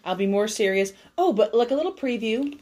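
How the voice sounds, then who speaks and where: A young woman co-hosting a casual podcast, talking in a lively, giggly, rambling way. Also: a little high, fairly quick. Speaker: podcast co-host. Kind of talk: casual chat.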